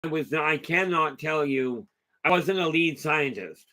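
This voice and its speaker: A man's voice: on the high side, lively intonation, unhurried, pushed and bright. A man hosting a casual live talk, telling a long story in a rambling, chatty way and answering viewer comments. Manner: rambling, chatty, with many restarts and asides. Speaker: host.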